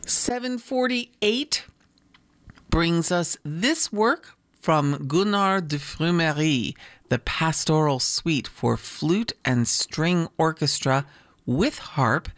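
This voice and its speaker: A morning radio announcer introducing classical music and reading the weather and traffic in a relaxed, unhurried way, still in their morning voice, with small fillers. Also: medium pitch, no room sound, clean studio sound. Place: radio studio.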